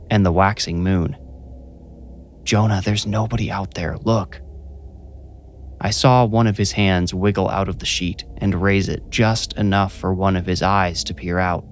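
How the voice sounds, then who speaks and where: A young adult man narrating a scripted first-person horror story in a measured, steady way. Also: sits low, a little hiss or hum. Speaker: narrator and writer.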